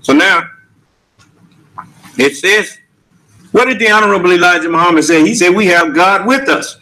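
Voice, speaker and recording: A man's voice: high-pitched, normal speed, pushed and bright, rough recording. A man preaching a sermon with emphatic rhetorical questions and casual vernacular speech. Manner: emphatic, rhetorical questions, Southern US Black English.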